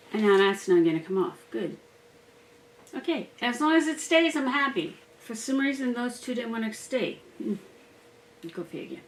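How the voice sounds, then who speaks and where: A woman's voice: fairly high pitch, distant mic. A woman in a casual craft vlog, chatting and laughing as she works at a table and tells a story. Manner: chatty, laughs often, talks while working. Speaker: crafter making a wreath.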